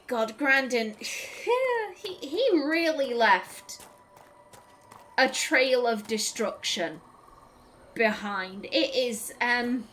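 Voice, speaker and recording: Lady doing a let's play, slow chatty commentary, highish voice, says sorry to npcs. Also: expressive, fairly bright tone, slight background noise. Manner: chatty, polite, apologizes to game characters. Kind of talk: casual gameplay commentary.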